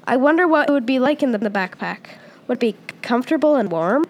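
A woman reading a first-person story aloud as its storyteller, pausing and restarting often with repeated words. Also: high-pitched, animated.

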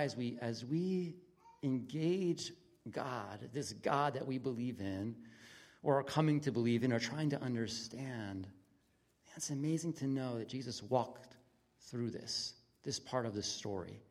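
Man, pastor, conversational sermon, earnest, mid-pitched voice, shifts between emphatic and hushed. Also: measured pace. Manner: earnest, swings from loud excitement to near-whisper intimacy.

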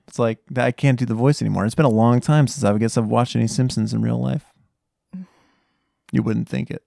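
A man's voice: medium pitch, fairly even intonation, fairly quick, creaky, warm tone, no room sound, studio quality. A man in his thirties co-hosting a podcast, chatting casually with wry jokes. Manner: joking, wry asides. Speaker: podcast co-host. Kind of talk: casual chat.

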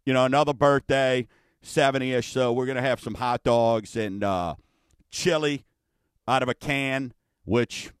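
A man's voice: medium pitch, a little slow, clear, resonant tone, dry recording. A middle-aged man hosting a mortgage talk show, chatting casually and rambling with many fillers. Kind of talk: casual radio-style chat.

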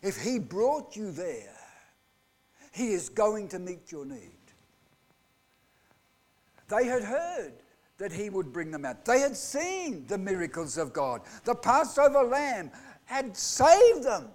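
A man preaching a live sermon in a church. He asks the congregation rhetorical questions and swings between loud outbursts and hushed lines. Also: high-pitched, very animated, slow pace, long pauses. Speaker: pastor. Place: church hall.

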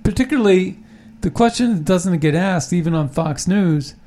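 A man's voice: sits high, normal speed, warm tone. A man hosting a talk show, chatting casually and opinionatedly about politics, rambling with many restarts. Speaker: podcast host.

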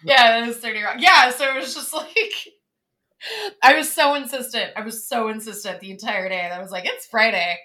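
A woman's voice: a little high, brisk. A young woman co-hosting a casual podcast chat, telling stories with lots of laughter and swearing. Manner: animated, laughing storyteller who swears. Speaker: podcast co-host.

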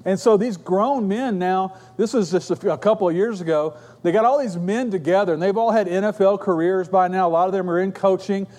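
A man's voice: high voice, fairly quick, hardly any pauses, a little mellow. A middle-aged man preaching a sermon, telling stories in an earnest, conversational way.

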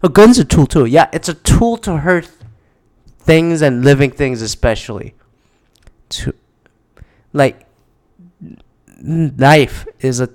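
A man's voice: mid-range voice, a little mellow. A man in a casual, rambling monologue, exasperated and swearing often.

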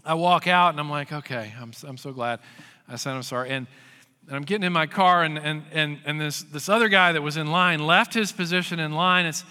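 A male pastor preaching a sermon, telling stories with loud acted quotes and dropping to hushed emphasis. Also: on the high side, a little fast, smooth. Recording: long hall reverb.

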